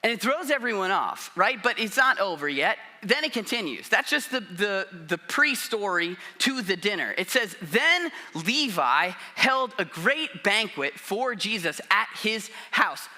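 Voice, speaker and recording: Guy preaching, super lively up and down high voice, really bright and punchy, chatty like he's just talking to you. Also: normal speed, hardly any pauses. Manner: conversational preaching with frequent "like" and acted-out quotes. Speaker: pastor. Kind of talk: sermon.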